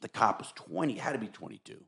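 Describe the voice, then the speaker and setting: A man hosting a podcast, telling a story in casual chat, animated and profane, acting out what people said. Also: lowish voice, quick pace. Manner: profane, animated storyteller who acts out quotes. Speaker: podcast host.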